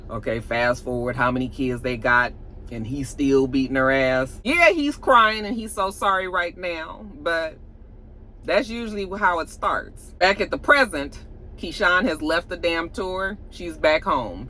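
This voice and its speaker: A woman's voice: sits low, poor audio. A woman casually recapping and reviewing a TV episode, telling it like a story with blunt, salty asides and opinions. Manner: animated storyteller who acts out the characters' lines.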